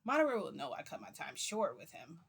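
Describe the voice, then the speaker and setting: A woman's voice: on the low side, very animated, fairly quick, breathy edge. Chatty young woman telling a story. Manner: rambling, chatty, full of "like" fillers. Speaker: vlogger. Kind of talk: casual storytelling to viewers.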